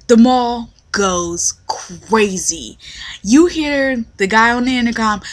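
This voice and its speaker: A young woman with a lively, slangy, profane storytelling manner, acting out quotes as she rants in a casual vlog. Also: fairly high pitch, takes it slowly. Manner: animated storytelling, acts out quotes. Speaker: retail worker.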